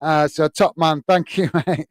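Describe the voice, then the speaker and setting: A man's voice: fairly high pitch, fairly even intonation, unhurried, no echo. A man from the UK hosting a live football watch-along, reading viewer comments in a hesitant, friendly way with lots of fillers and calling people mate.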